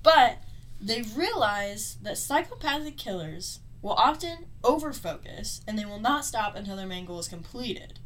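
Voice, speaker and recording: A woman's voice: mid-range voice, expressive, moderate pace, slight background noise. A woman hosting a casual true-crime podcast, swearing constantly and mocking the killer with frequent laughter. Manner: profane, mocking, laughs often. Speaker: podcast host.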